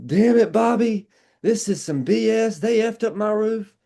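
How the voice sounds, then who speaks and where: A man's voice: unhurried, creaky. A man putting on the voice of a furious, cursing woman customer in a sales training session. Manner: shrill, exasperated shouting.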